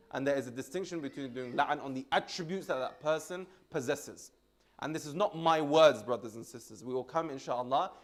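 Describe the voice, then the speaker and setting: A man giving a sermon, asking rhetorical questions, checking in with "correct?", and weaving Arabic religious terms into English. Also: a little high. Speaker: speaker at a religious gathering.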